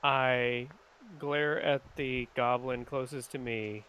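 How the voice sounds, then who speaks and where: A man's voice: medium pitch, steady tone, takes it slowly, fairly bright tone, clean tone, lo-fi sound. A man playing a tabletop game, describing his moves hesitantly and restarting his sentences. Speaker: player. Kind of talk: casual tabletop game play.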